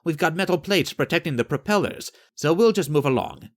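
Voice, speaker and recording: A man reading an audiobook, voicing a relaxed, knowledgeable male boat crewman in a higher, breezy, matter-of-fact voice. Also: brisk.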